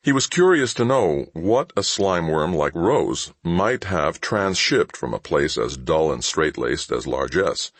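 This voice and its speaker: A man reading a science fiction audiobook in an exceptionally deep voice. His narration moves with lively, expressive inflection and sounds close and dry. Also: measured pace, few pauses, no room sound.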